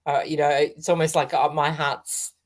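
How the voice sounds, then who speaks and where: Middle-aged Australian woman, low-ish pitch, chatty storyteller who laughs a lot. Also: little pitch movement, normal speed. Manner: warm storytelling, laughs often. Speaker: co-host, medium. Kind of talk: casual livestream chat.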